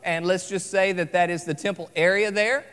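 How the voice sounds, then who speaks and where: A man preaching an evening sermon, earnest and emphatic, slowing down to stress key phrases. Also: sits high, steady tone, a bit bright, clear, resonant tone. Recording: long hall reverb.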